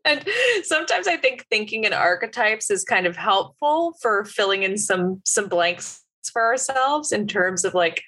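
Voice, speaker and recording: A woman's voice: medium pitch, animated, unhurried, bright, forceful tone, poor audio. A woman chatting casually at a tabletop game session, rambling and filling her speech with "like". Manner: rambling, lots of "like". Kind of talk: casual chat.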